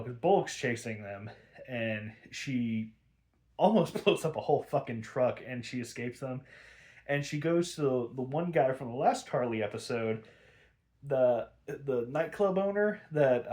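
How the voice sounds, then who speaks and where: A man's voice: mid-range voice, a little mellow. Young male podcast host, loose rambling recap, swears freely. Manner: rambling, profane, laughing. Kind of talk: casual episode recap.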